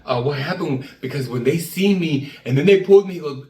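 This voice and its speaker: A man telling a personal story in a lively way, acting out the people in it and often trailing off and starting over. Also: a little high, a little fast, hardly any pauses. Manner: animated, acts out the people in his story; trails off and restarts. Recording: echoey room, from a distance.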